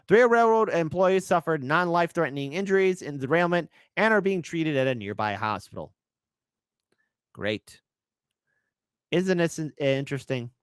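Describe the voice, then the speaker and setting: Sarcastic man with a lively voice. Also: fairly high pitch, dry recording. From United States. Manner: sarcastic, reads news aloud and mocks it. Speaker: political commentary host. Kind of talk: livestream news commentary.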